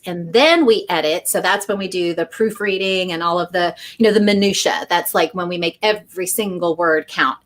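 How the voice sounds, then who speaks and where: A woman book editor talking in a casual interview, animated and acting out voices as she tells stories. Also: fairly low pitch. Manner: animated, acts out voices when telling stories.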